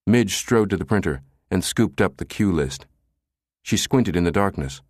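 A man narrating an audiobook in a steady, measured way. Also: sits low, no echo, clean studio sound.

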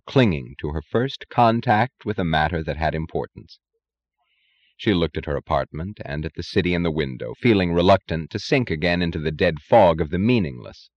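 Deep-voiced man narrating with a lively lilt. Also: no echo, dull audio. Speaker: audiobook narrator. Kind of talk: scripted narration.

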